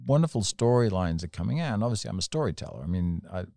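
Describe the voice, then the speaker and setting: A middle-aged English man with a low, mellow voice spins an anecdote in excited bursts. He speaks into a close mic in a dry, dead room. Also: fast, creaky, dry recording. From England. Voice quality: animated, tells stories in rising bursts. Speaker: podcast guest, storyteller. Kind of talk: casual anecdotal storytelling.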